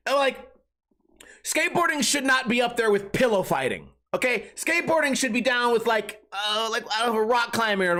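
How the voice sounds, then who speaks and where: Solo podcast host, man in his thirties, animated mocking comic rant. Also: sits high. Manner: animated, mocking, puts on voices of others, swears freely.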